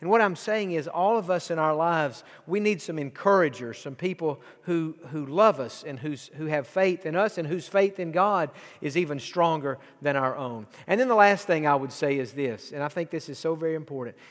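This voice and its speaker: A man in his forties with an East Texas drawl preaches a sermon with a slightly raised pitch. He tells stories in a folksy way, slips into near-hushed passages and then builds to fervent urging. His voice rings with the long reverb of a church hall. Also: normal speed, hardly any pauses. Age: 40s. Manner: folksy storytelling, dropping to a near hush then rising to fervent exhortation. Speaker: pastor.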